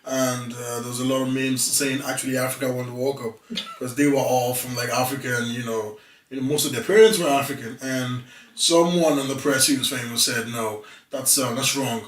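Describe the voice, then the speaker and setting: A man's voice: medium pitch, fairly even intonation, a little fast. A young adult man in a casual talk-show chat, telling stories animatedly and with emphasis. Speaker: guest. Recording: echoey room, mic at a distance.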